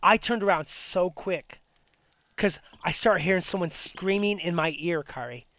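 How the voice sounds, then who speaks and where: Young guy with a high-ish voice rambling thru a spooky story, lots of restarts. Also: measured pace, fairly bright tone, no room sound. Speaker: host. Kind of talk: casual ghost story chat.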